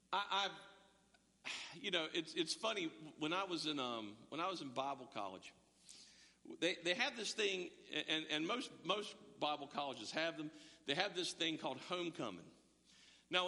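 Bright high-voiced preacher in a hall. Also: male voice. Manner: conversational, repeats words when starting sentences. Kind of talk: sermon. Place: church hall with slides. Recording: long hall reverb.

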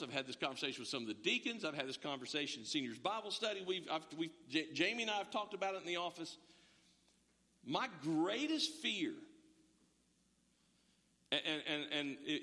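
An emphatic male pastor preaches to a streamed congregation in a high, bright voice. He leans on rhetorical questions and stumbles into quick restarts. His words hang in the long reverb of a large church hall. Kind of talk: sermon.

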